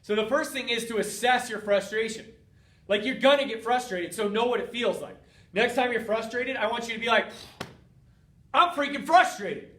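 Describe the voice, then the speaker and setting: A man hosting a motivational talk, speaking directly to his listeners in an energetic, coaching way. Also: very high-pitched, fairly quick. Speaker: host. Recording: roomy, distant from mic.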